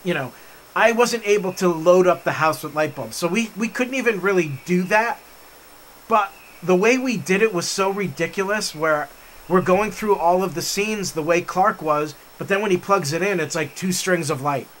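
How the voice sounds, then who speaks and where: Enthusiastic male vlog storyteller, high bright voice, faint outdoor background. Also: normal speed, slight background noise. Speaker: vlog host. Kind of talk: storytelling while hiking. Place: forest trail outdoors.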